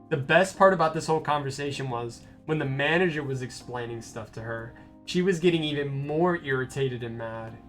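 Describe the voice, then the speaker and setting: A man's voice: mid-range voice, a little fast, fairly bright tone. A young man streaming a game, telling a rambling story in a casual way, with restarts and swearing. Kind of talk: casual gameplay stream chat. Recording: stream with faint game music.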